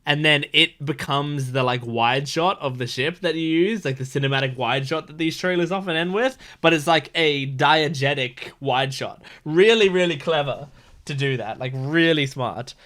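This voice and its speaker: A man hosting a reaction video, chatting casually with lots of fillers and rambling excitement. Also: fairly high pitch, normal speed. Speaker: reaction channel host.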